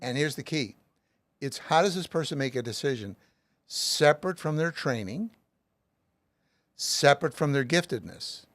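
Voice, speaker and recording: A man's voice: on the high side, expressive, moderate pace, pauses often, fairly bright tone, no echo. A middle-aged man as an author and guest, explaining his method with plenty of everyday examples. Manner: emphatic, uses lots of everyday examples.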